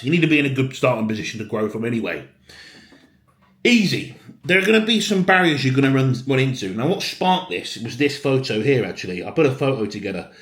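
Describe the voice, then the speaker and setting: Northern gym coach around 30, swears a lot, rants, mid pitched voice, echoey room at home. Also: male voice, fairly bright tone. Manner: blunt, sweary, ranting. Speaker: bodybuilding coach and vlogger. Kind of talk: casual vlog talk to camera. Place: home, indoors.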